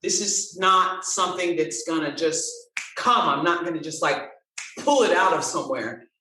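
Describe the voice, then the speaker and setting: A woman guest telling a story in an interview, animated and acting out the dialogue. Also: lowish voice, normal speed, distant mic, a little hiss or hum. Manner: animated, expressive storyteller who acts out dialogue. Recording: roomy sound, from off-mic.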